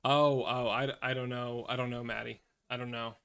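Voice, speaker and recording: Casting: male streamer, bright tense voice, profane casual commentary, angry then weary. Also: mid-range voice, little pitch movement, moderate pace, vocal fry, clear, resonant tone. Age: adult, has children. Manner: profane, swings from angry rants to weary mutters. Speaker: streamer reacting to news.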